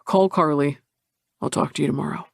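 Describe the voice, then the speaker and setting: A woman voicing a calm, caring young businessman in an audiobook, keeping her voice low and reassuring. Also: fairly quick, creaky, dry recording, clean studio sound. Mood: tender.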